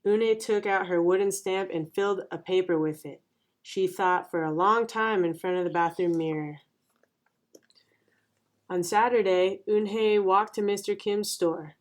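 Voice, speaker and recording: A woman's voice: medium pitch, unhurried. Woman reading a children's story aloud.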